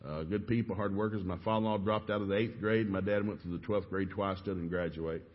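A middle-aged man from East Tennessee with a Southern accent, telling stories fast and with animation in a sermon. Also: deep voice. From East Tennessee, USA. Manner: fast-talking, animated storyteller. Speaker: preacher. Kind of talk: storytelling sermon. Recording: dull echoey church recording.

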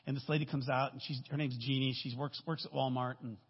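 A man's voice: mid-range voice, flat delivery, quick pace, breathy edge. A man in his fifties giving a casual, story-filled sermon as a guest speaker. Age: 50s. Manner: casual, storytelling, folksy asides. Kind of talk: conversational sermon. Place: church sanctuary. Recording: echoey hall, dull lo-fi sound.

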